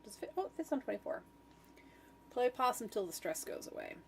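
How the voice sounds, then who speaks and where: A woman's voice: fairly high pitch, big pitch swings, a little fast, a little hiss or hum. A woman chatting casually while she makes art, thinking aloud with trailing fillers and self-talk. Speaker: art streamer. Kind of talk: rambling casual chat while designing.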